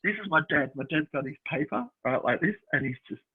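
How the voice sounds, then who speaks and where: A man co-hosting a casual chat, telling animated stories and acting out the voices of people he quotes. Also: a little high, fairly quick. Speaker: podcast co-host. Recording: tinny phone-line sound.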